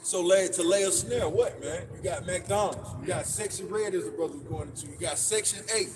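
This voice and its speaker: Man, high voice, preachy casual talk, distant mic, noisy background. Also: fairly quick. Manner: preachy, repeats words and restarts. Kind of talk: casual religious discussion.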